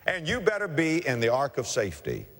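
A man preaching with fervor. His pitch swings widely as he builds and drops. His voice rings through a hall with a long reverb. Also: huge pitch swings, a little fast, a bit bright. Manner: impassioned, preacherly, acts out characters in a story. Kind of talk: evangelistic sermon with storytelling.

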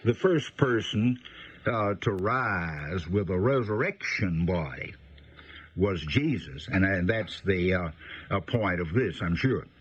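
A man teaching the Bible on the radio in a folksy, unhurried way, explaining with frequent pauses. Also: deep voice, expressive, husky. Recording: dull lo-fi radio broadcast.

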